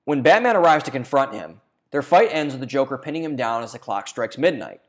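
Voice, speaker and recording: A man's voice: mid-range voice, lively intonation, fairly quick. Man, mid-range voice, essayist narrating from a script; earnest, casual asides, occasional restarts. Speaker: video essayist. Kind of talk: reading a scripted video essay.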